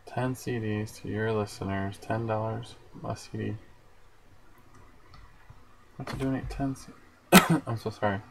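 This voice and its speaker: Gravelly low-voiced man hosting a livestream. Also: steady tone, a little slow, long pauses, background noise. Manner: rambling, chatty, responds to viewer comments. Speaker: livestream host. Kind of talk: casual livestream chat.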